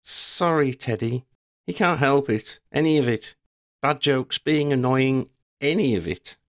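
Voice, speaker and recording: A man's voice: mid-range voice, lively intonation, measured pace, a bit bright, pitched above the performer's own voice. A man voicing an eager young schoolgirl witch who talks cheerfully and teases. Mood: exasperated.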